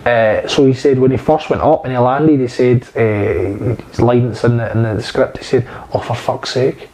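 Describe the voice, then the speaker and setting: A man, an actor guest telling lively, swear-filled stories in a casual interview. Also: medium pitch, normal speed, poor audio. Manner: animated storyteller, swears freely.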